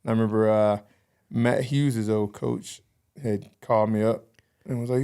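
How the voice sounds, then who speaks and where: A man in his thirties, a podcast guest in casual conversation, telling animated stories and acting out quoted dialogue. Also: on the low side, normal speed, gravelly, clear, resonant tone. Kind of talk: casual interview chat.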